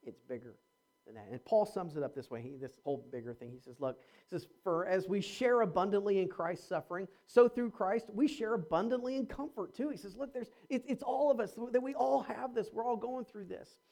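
A man preaching to his congregation with strong swings in energy. He rises into loud urging, then drops low and quiet, and he turns to his listeners directly with calls and challenges. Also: fairly quick, gravelly. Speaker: pastor. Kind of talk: sermon.

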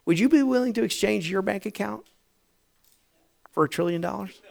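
A man preaching a sermon, swinging from shouting to hushed tones. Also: high-pitched, moderate pace, gravelly. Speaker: pastor.

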